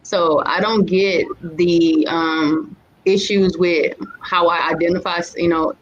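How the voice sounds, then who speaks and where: A woman's voice: on the low side, fairly even intonation, slow pace. A woman speaking bluntly and directly in a casual group chat. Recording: dull lo-fi sound with faint noise.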